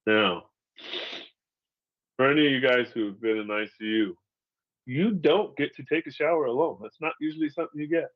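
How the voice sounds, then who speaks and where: Profane, candid comedian telling a story. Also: male voice, mid-range voice, normal speed, pauses often, dull audio. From Seattle, USA.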